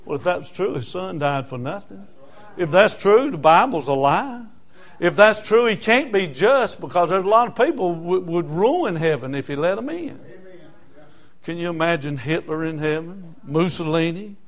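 An older man preaching a sermon, emphatic, swinging between loud exclamations and hushed asides. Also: sits high, lively intonation, moderate pace.

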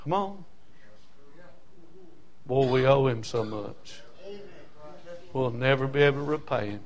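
A man's voice: medium pitch, expressive, measured pace. Impassioned older preacher man. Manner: impassioned, rhythmic repetition, folksy asides. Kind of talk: sermon.

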